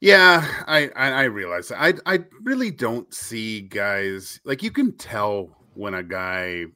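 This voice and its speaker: A man co-hosting a hockey podcast, speaking haltingly with many repeated words. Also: on the low side, very animated, sharp tone, dry recording, clean studio sound. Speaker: podcast co-host, former player. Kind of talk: casual sports talk.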